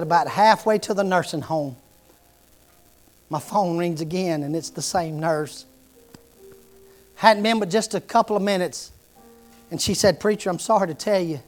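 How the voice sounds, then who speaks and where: A middle-aged man delivers an impassioned sermon, his voice sitting a little high. He tells the story with growing fervor, and soft music plays faintly behind him. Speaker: preacher.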